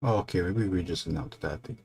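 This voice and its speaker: A man's voice: low voice, brisk, gravelly, a little mellow, slightly rough. A man casually chatting and joking in playful, rambling tangents while he draws on his stream. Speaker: artist hosting a drawing stream. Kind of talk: casual chat while drawing.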